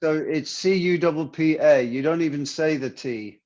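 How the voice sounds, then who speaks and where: A man with an English accent, a singer who is a guest on a video call, friendly and relaxed in casual chat. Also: fairly high pitch, normal speed. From London, England. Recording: dull, muffled video-call audio.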